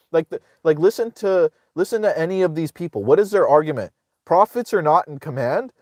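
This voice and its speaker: A man's voice: on the high side, a little mellow, no echo, studio quality. Sarcastic, profane ranting man. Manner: sarcastic, profane, rambling with many restarts. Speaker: political commentator host. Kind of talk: casual ranting livestream commentary.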